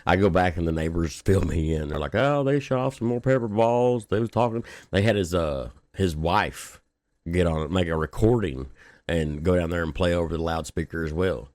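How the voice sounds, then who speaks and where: A man's voice: sits low, moderate pace, darkish tone, dry recording, studio quality. A man, hosting a local news podcast and telling a story in a casual, profane, laid-back way, laughing often.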